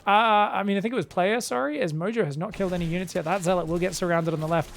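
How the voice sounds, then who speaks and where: A man casting viewer-sent game replays in a casual, joking commentary style, often laughing and getting excited. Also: high-pitched, fast, vocal fry, a little hiss or hum. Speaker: game caster.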